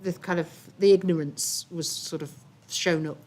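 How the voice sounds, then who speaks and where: A woman moderating a panel, asking questions tentatively and gently. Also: on the low side, steady tone, moderate pace. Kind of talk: moderating a discussion.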